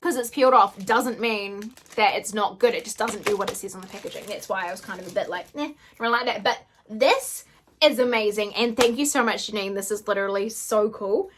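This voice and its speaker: A woman beauty vlogger in an excited unboxing chat, gushing and often gasping and squealing. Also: mid-range voice, fairly quick, slight background noise.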